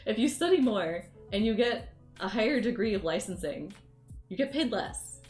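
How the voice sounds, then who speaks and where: A woman's voice: medium pitch, expressive, moderate pace, a little mellow. A woman livestreamer chatting casually with her viewers, rambling through stories and laughing often. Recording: roomy room with faint music.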